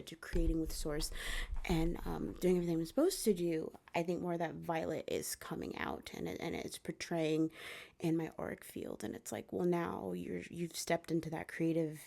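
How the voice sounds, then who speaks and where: A young woman vlogging in a loose, rambling way, full of fillers and restarts. Her voice sits low with a gravelly, fry-edged texture and a mellow, dark tone. Now and then she drops into a soft whisper. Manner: drops into soft whispers when quoting spirit guides. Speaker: psychic medium and spiritual consultant. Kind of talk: casual talk to camera.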